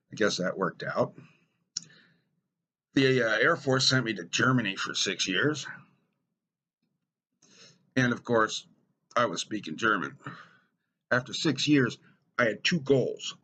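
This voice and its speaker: A middle-aged American man telling wry personal stories in a dry, deadpan stand-up style. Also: low voice, a little hiss or hum. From United States. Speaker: storyteller.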